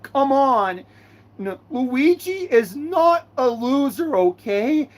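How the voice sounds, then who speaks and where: A channel host with a medium-pitched voice runs a live fan Q&A, ranting excitably about characters and breaking into sudden bursts of shouting.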